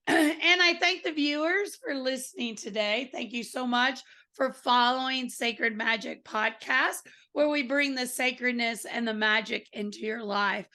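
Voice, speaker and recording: A woman hosting a spiritual podcast, hoarse today, chatting casually and effusively with her guest. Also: high voice, pushed and bright. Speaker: podcast host. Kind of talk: casual interview chat.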